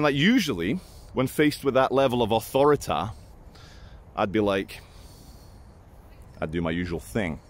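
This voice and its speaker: A British man vlogging casual anecdotes in a rambling, crude and self-mocking way. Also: medium pitch.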